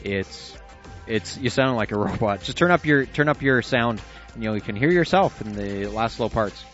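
A man hosts an internet radio show in a lowish, a bit bright voice with lively intonation at a moderate pace, chatting loosely, joking, swearing casually and laughing often. He's in a small room at home with the window shut, and the lo-fi sound is dull, with faint music.

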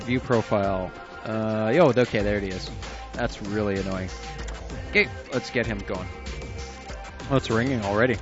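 A man's voice: fairly low pitch, normal speed, pauses often. A man hosting an internet radio show, chatting loosely and joking, with casual swearing and frequent laughs. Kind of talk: casual chat. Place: small room at home with the window shut. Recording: dull lo-fi sound, faint music.

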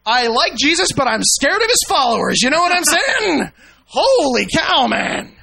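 A high, bright-voiced man hosts a radio talk show with brash, profane sarcasm. He cuts in on his guest and jeers at him. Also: big pitch swings, normal speed, vocal fry. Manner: profane, mocking, talks over the guest. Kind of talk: combative radio interview.

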